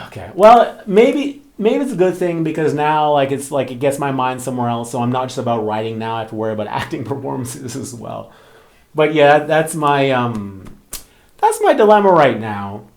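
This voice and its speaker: Animated man telling a story. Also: mid-range voice, moderate pace. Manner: animated storytelling, frequent fillers, acts out quoted voices. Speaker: romance author and channel host. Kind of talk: casual talking-head chat.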